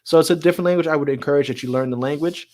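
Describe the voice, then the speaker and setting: A man's voice: fairly high pitch, racing, darkish tone. A man hosting a live stream in a casual, chatty way, laughing often and repeating words as he talks.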